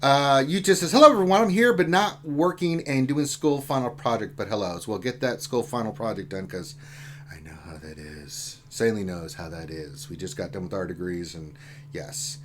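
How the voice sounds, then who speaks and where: A man's voice: on the low side, moderate pace, a little hiss or hum. Joking man hosting a live gaming stream. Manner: joking, banter-filled. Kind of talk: casual chat, reading out viewer comments.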